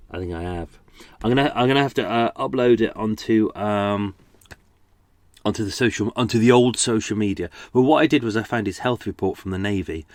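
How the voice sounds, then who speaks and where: Guy hosting a crime podcast, lowish voice, dry close sound, jokey and rambly. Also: dry recording. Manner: chatty, jokey, rambling asides. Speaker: true-crime podcast host. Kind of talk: casual chat.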